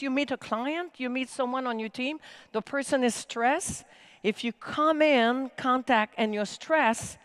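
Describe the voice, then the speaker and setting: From a conference main stage, a woman keynote speaker delivers a motivational talk, energetic and emphatic, her pitch swinging widely. There's no echo.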